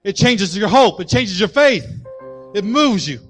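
A man's voice: sits high, big pitch swings, measured pace, faint music behind. A man preaching a sermon as pastor, with rising and falling emphasis and acted-out voices.

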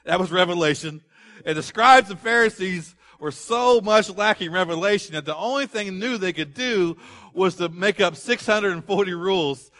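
A man preaching a sermon, animated, asking the congregation to fill in words and acting out the people in the story. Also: sits high. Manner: animated, acts out quoted voices, rising to loud exclamations; asks the audience questions and lets them fill in words. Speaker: pastor.

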